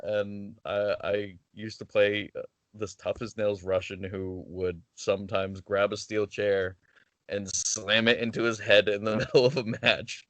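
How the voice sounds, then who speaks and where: A man's voice: fairly low pitch, level tone, unhurried, fairly bright tone, dry recording. A man talking casually as a guest over a video call, hesitant with many restarts. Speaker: wrestler guest. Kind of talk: casual interview chat.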